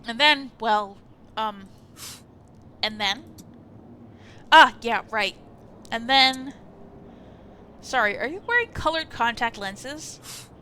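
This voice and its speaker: A woman's voice: on the high side, animated, slow, pauses often, sharp tone, clean tone, heavily acted. A woman voicing an awkward, apologetic male sociologist landlord who rambles and stammers, reading a visual novel aloud. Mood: fawning.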